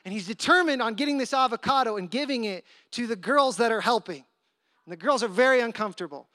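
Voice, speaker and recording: A man delivers a storytelling sermon with a high, bright-edged voice. He jumps into character voices for the people in his anecdote, keeping it animated. The sound is dry and close. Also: fast, no room sound. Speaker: pastor.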